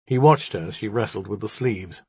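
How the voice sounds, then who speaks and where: A man reading an audiobook in an expressive, even-paced scripted narration. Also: lowish voice, a little fast, breathy edge, no room sound.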